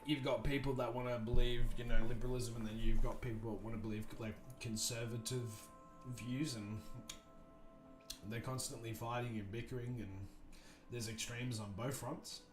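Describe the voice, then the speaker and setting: A man hosting a livestream, chatting casually and thinking out loud, restarting his sentences often. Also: mid-range voice, little pitch movement, normal speed. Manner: rambling, thoughtful, many restarts and fillers. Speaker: livestream host. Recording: roomy echo, faint music behind.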